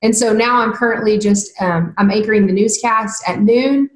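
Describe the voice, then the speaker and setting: A woman's voice: mid-range voice, steady tone, moderate pace. A woman who anchors the news talks as a guest in a casual interview. She sounds earnest and reflective as she gives advice. Her voice carries a noticeable roomy echo.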